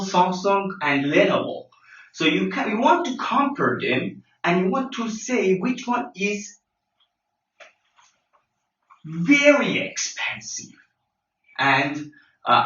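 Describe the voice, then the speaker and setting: Slow, bright-voiced male teacher, roomy sound. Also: fairly high pitch. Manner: slow and deliberate, spells letters out, frequent fillers. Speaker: English teacher. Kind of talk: classroom grammar lesson. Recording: lo-fi, roomy, mic at a distance.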